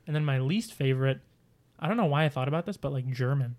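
A man co-hosting a podcast in casual chat, rambling and animated, swearing now and then. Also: a little high, fast. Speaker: podcast co-host.

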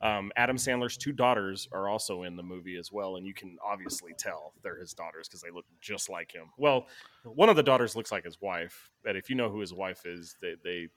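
A man's voice: deep voice, a little fast, fairly bright tone. A man co-hosting a podcast, rambling and laughing through casual movie chat and swearing freely. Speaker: podcast co-host. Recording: remote quarantine recording.

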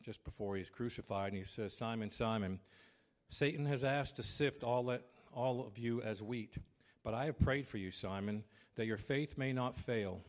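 A man in his fifties preaching a sermon as pastor, loud by habit and acting out household arguments with animated storytelling. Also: medium pitch, normal speed.

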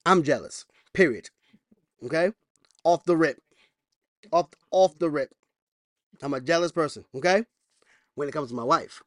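A male pastor preaching a sermon, swinging from loud, high scripture reading to low conversational storytelling, blunt and emphatic with repeated phrases. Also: measured pace, pauses often, dry recording, studio quality. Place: church.

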